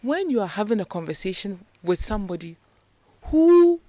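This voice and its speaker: Woman, leadership speaker on a radio show, mid-pitched, explains like a teacher. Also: big pitch swings, moderate pace, warm tone, dry recording. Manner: teaching, asks rhetorical questions. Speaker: leadership and communication strategist, guest. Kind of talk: radio interview, explaining to a host. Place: radio studio.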